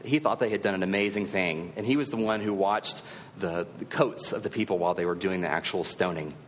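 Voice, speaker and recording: A man's voice: sits low, fairly quick, in a large hall, slight background noise. A male preacher giving a sermon in a conversational, earnest storytelling manner.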